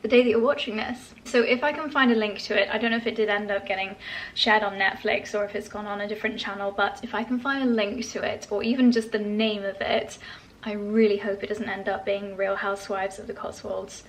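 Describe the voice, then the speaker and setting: A woman's voice: mid-range voice, steady tone, fairly quick. A woman chatting casually in a home vlog, gushing about skincare while massaging her face. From England. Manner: chatty and gushing, with soft laughs. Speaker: lifestyle vlogger.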